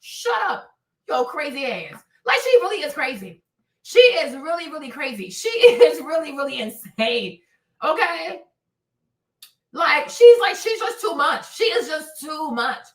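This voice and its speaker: A woman hosts a casual gossip stream, her voice high and sweeping all over the place. She talks loudly and dramatically, breaking into shrieks, laughter and Spanish phrases. She sits off from the mic in an echoey room. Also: very animated, unhurried, distant mic. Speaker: livestream host.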